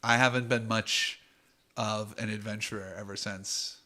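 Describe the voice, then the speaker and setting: A man voicing a buff elven woman who gives a dry, deadpan excuse. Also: lowish voice, a little slow, voice pushed down.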